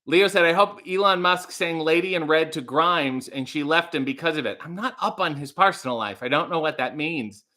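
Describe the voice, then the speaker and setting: Bright-voiced man chatting on a livestream. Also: fairly high pitch, animated, normal speed, few pauses. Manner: chatty, reads comments aloud, sings lyrics in a mock voice. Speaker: host. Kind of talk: casual livestream chat reading comments.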